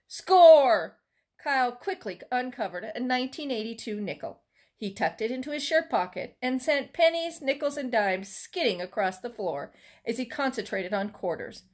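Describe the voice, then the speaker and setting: Lady librarian reading a kids' chapter book out loud, lively storytelling. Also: a little high, moderate pace. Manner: expressive storytelling. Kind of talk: children's chapter book read-aloud.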